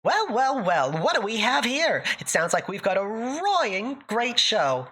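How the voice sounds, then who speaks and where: A woman's voice: a little high, big pitch swings, measured pace, fairly bright tone, pitched above the performer's own voice, heavily acted. A woman voicing a chipper old-time radio host in a mid-Atlantic accent, with a theatrical announcer lilt. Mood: grandiose.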